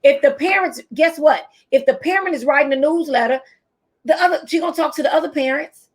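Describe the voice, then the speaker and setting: A woman's voice: sits high, fairly quick. A middle-aged woman teacher and speaker giving a motivational talk to teachers, telling stories and repeating her key phrases.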